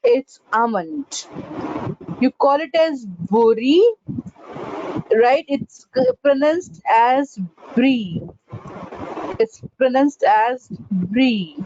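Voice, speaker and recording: A high-voiced woman teaches a pronunciation lesson at an unhurried pace, her tone soft and mellow. She stops and restarts often and repeats each corrected word in a measured drill. The sound is dull and lo-fi. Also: sing-song, no echo. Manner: halting, repeats words with many fillers; drills corrections in a slow contrasting pattern. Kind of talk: online class lesson.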